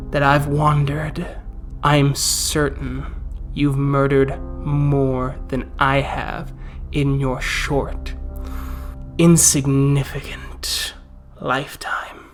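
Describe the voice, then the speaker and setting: A man voicing an ancient male vampire who speaks slowly and coldly, with a low, hushed delivery that slips into whispers. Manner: slow, measured, threatening. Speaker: vampire villain.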